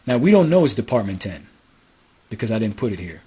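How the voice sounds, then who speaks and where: A man teaching a hands-on database lesson over a screen recording, repeating key phrases and dictating commands slowly as he types. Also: lowish voice, big pitch swings, mellow, slightly rough. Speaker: SQL instructor.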